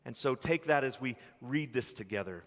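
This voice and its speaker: A man delivers a sermon from the pulpit in an earnest, measured way, pausing often and sometimes restarting a phrase. His voice sits at an ordinary middle pitch. It rings out with a long echo through the church sanctuary. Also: animated. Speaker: pastor.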